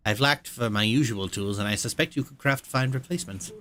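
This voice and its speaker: Dude reading a blunt little bug warrior girl from a game, plain voice, pretty bright. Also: mid-range voice, brisk, natural voice. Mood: curt. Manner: plain, direct questions. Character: terse young female insect warrior. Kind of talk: reading game dialogue aloud.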